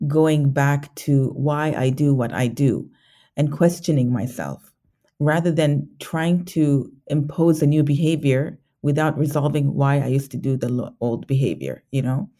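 A woman guest in an interview, reflecting candidly on a personal journey, halting often with restarts and fillers. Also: deep voice, steady tone, warm tone.

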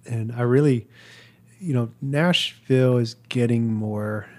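A man's voice: medium pitch, a little slow, darkish tone. Guy chatting, earnest and thoughtful, kinda searching for words, plain middle voice. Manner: thoughtful, earnest, trailing restarts. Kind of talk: reflective casual conversation.

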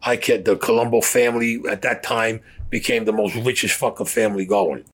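A man's voice: lowish voice, fairly even intonation, a little fast. An older man in an interview, telling a long story bluntly, swearing constantly and acting out what others said. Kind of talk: profane storytelling.

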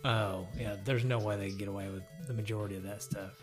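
A man's voice: fairly low pitch, steady tone, quick pace, soft background music. Joking male podcast co-host. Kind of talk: casual podcast chat.

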